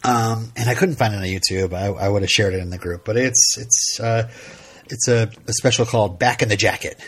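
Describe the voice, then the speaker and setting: A man co-hosting a podcast, casually recapping a TV episode in a rambling, halting way full of fillers. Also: fairly low pitch, fairly bright tone, husky. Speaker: podcast co-host.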